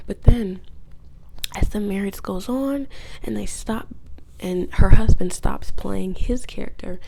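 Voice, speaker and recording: A woman's voice: mid-range voice, slow pace, vocal fry, noisy background. A woman vlogger giving a casual, rambling, profane recap, often dropping into whispered asides. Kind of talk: casual video essay recap.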